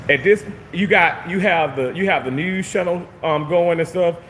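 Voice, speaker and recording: A man casually venting to his viewers, animated and swearing freely, repeating himself for emphasis. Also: a little high, moderate pace, big-room sound, slight background noise. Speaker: vlogger reading live chat.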